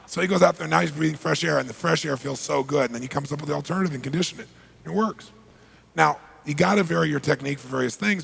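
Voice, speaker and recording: Man speaker at a live seminar: gravelly, raised voice, animated storyteller. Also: a little high. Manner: animated storytelling, addresses the audience directly.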